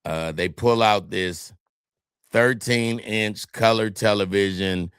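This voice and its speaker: A man's voice: fairly low pitch, slow pace, clear, resonant tone, no room sound, studio quality. A man from California telling a family story on a podcast, acting out the people he quotes. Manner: animated storyteller, acts out quotes. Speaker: podcast co-host. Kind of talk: casual storytelling chat.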